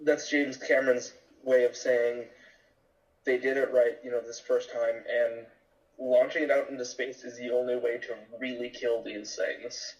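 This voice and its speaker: A man's voice: medium pitch, little pitch movement, unhurried, recorded from a distance, lo-fi sound. A man co-hosting a podcast, chatting about movies in a laid-back, hesitant way with many ums. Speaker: podcast co-host. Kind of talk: casual movie chat.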